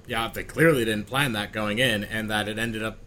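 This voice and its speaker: A man's voice: fairly low pitch, fairly even intonation, moderate pace, sharp tone. A man co-hosting a podcast, thinking aloud in a rambling way. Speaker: podcast co-host. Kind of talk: casual chat.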